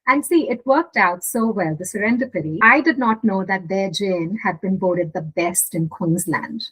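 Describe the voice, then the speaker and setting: A woman guest in a casual interview, telling a story in a lively way. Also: medium pitch, normal speed, slightly rough, low-quality recording. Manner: animated storyteller, acts out quotes. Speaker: guest, gifting studio owner.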